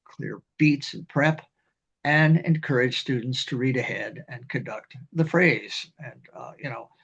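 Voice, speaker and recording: Husky older man talking conducting. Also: mid-range voice, fairly bright tone, highs cut off. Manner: rambling, halting, with many fillers and sung rhythms. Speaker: community band director. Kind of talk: instructional talk on conducting.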